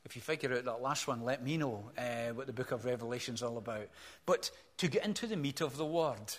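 An older man preaching a sermon as pastor, earnest, swelling to emphatic peaks, then dropping soft and slow. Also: medium pitch.

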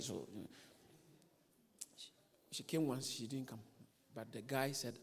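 A man's voice: medium pitch, normal speed, creaky, long pauses, slightly rough. A man preaching as a pastor in a church, telling a story with energy, repeating phrases and putting questions to the congregation. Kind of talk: sermon. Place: church hall. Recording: echoey church hall.

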